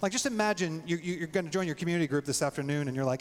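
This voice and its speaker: Male pastor, casual and animated sermon delivery, somewhat high voice, reverberant hall sound. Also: rapid-fire. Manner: animated, voice jumps high when acting out prayers.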